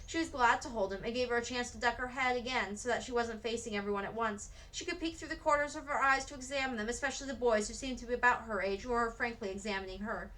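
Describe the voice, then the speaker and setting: A woman reads a children's novel aloud at a steady pace. Her voice is bright and sits a little high. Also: fast talker, hardly any pauses, rough recording. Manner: steady storybook reading. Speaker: read-aloud narrator.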